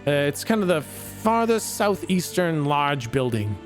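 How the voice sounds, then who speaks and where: A man's voice: a little high, big pitch swings, unhurried, soft background music. A man playing a cranky, indignant little gnome. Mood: irritable. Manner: indignant, sarcastic, swearing. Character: small cranky male gnome, touchy and demanding.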